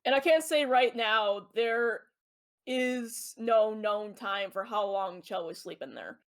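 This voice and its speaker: A woman's voice: on the high side, takes it slowly. A woman guest on a podcast, adding matter-of-fact details in casual chat.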